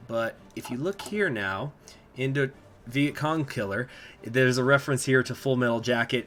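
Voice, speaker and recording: Guy at his desk mic explaining a strategy game, chatty, lots of uhs, middle pitch, bit of faint background hum. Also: a bit bright. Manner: chatty, explanatory, thinks aloud with many filler pauses. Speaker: strategy game guide host. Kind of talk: casual gameplay walkthrough commentary.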